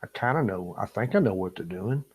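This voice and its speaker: Older man, husky and low. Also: lively intonation, brisk, a little mellow, low-quality recording. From Louisiana, USA. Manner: chatty, laughs often, talks to chat viewers. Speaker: fishing live-streamer. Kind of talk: casual live-stream chat. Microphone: small camera-top microphone.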